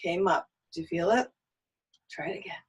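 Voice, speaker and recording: A woman's voice: fairly low pitch, fairly quick, slightly rough, poor audio. A woman teaching a singing lesson, giving patient step-by-step cues on breathing and an open throat.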